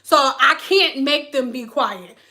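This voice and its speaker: Young female vlogger, high bright voice, animated and slangy storyteller. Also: slow pace. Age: young adult. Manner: animated, chatty, slangy, laughs often. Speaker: hair stylist. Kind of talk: casual storytelling vlog.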